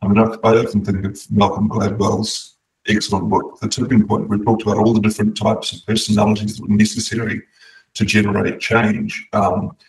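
A man hosting a discussion who speaks in a measured, reflective way. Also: fairly low pitch, monotone, recorded from a distance, a little hiss or hum, low-quality recording. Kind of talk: casual discussion.

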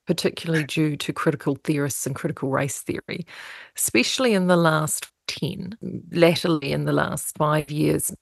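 A woman's voice: on the low side, creaky, a little mellow, no echo. A woman from New Zealand interviewing a guest, asking long, articulate questions.

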